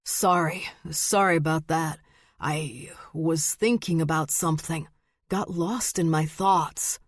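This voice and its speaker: Woman narrator doing an apologetic distracted man, slow, low, dry. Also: dry recording.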